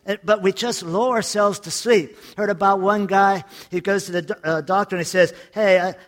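A man's voice: high-pitched, moderate pace. A man preaching a sermon to his congregation, telling jokes and stories and repeating his points emphatically. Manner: lively storytelling preacher with jokes and emphatic repetition. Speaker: pastor.

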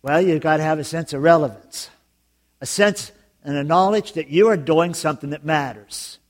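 A man preaching a sermon as pastor, telling jokes and stories in an animated way. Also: on the high side, moderate pace. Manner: joking, animated storytelling with laughs.

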